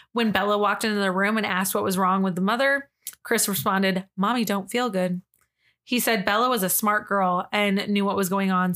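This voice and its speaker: A woman's voice: medium pitch, a bit bright. A woman co-hosting a true-crime podcast, reading case details in a casual way and adding blunt, disgusted opinions. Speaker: podcast co-host.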